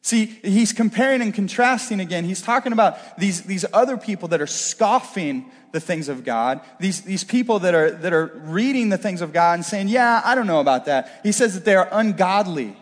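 Guy preaching from a church stage, high voice, talks casual and acts out little dialogues, long reverb. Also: normal speed, hardly any pauses. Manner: conversational, animated, acts out dialogue. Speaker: pastor. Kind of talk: sermon.

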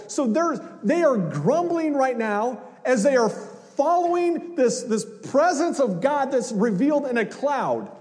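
A man preaching a sermon, animated and conversational, acting out voices with humor. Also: extremely high pitch, in a large hall. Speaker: pastor.

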